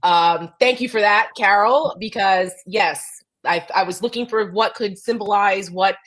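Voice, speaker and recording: A woman's voice: mid-range voice, a little slow, fairly bright tone, rough recording. A woman co-hosting a casual political chat show over a video call, talking bluntly and with animation, cursing now and then. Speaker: co-host.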